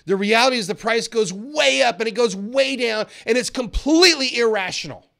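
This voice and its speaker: A man teaching a trading seminar in an animated way, laughing often and acting out traders' reactions. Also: very high-pitched, normal speed, vocal fry. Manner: animated, acts out traders' reactions in quoted voices; laughs often while explaining. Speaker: trading educator.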